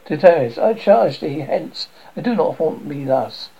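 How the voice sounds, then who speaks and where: A man's voice: fairly high pitch, animated, unhurried, vocal fry, dark tone, husky, exaggerated voice. A man reading a scornful young man. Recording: dull lo-fi recording.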